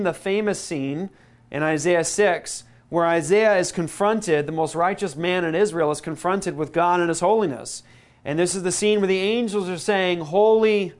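A man preaching a teaching sermon, emphatic, slowing down and stressing key words, with quick asides in between. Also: high voice. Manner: emphatic, slows down on key words and repeats them. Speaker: pastor.

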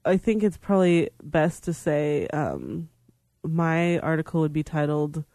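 A woman's voice: low voice, expressive, unhurried, mellow, no echo. Playful female radio co-host. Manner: playful, teasing. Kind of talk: casual radio talk.

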